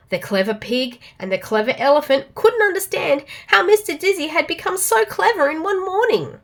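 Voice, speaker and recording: A woman with an Australian accent reading a storybook aloud to children, expressive and animated. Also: sits high, normal speed, few pauses.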